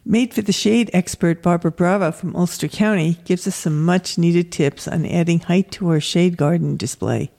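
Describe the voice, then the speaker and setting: A woman co-hosting a podcast, briskly previewing the episode's segments from a script. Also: fairly low pitch, vocal fry, dark tone. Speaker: podcast co-host. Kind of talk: scripted show intro.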